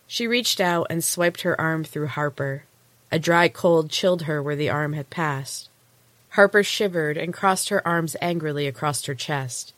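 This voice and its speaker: Woman host reading a novel chapter aloud, steady measured pace, dry close mic. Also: low voice, no echo. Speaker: podcast host and author. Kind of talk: storybook narration.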